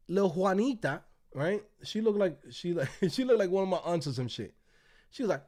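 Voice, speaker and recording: A man's voice: expressive, brisk, a little mellow. A man hosting a livestream, telling a story in casual, profane, swaggering talk and acting out the other people's lines. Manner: acts out quoted voices in a raised pitch. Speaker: host. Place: Tampa, United States.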